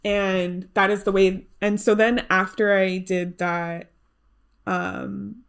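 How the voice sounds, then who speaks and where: A woman's voice: medium pitch, flat delivery, takes it slowly, creaky, smooth. A young adult woman hosting a solo podcast, talking in an earnest, conversational way with many fillers and restarts. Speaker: podcast host. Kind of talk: reflective solo podcast talk.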